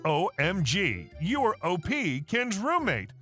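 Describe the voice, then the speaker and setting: A woman's voice: lowish voice, huge pitch swings, slow, fairly bright tone, faint music behind, exaggerated voice. A man voicing a flustered middle-aged mother hosting a party, firing off curt, demanding questions.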